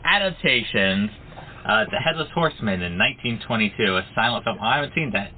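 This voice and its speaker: A man's voice: on the low side, lively intonation, fairly quick. A man co-hosting a casual horror book club podcast, laughing often and tripping over his words. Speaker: podcast co-host. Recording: tinny phone-like sound, faint noise.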